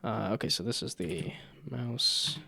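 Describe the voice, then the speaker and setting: His voice is on the low side and a little slow, with vocal fry and a bright, forceful tone, plus a slight hiss or hum in the audio. He's a VTuber streaming himself coding a game, chatting casually, thinking aloud, joking in asides and muttering checks. Loud keyboard clicks come through his desk microphone as guitar music plays under the stream.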